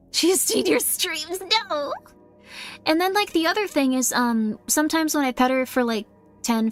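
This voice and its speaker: A woman streamer chatting casually with her viewers in a rambling way, with many fillers and frequent laughs. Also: on the high side.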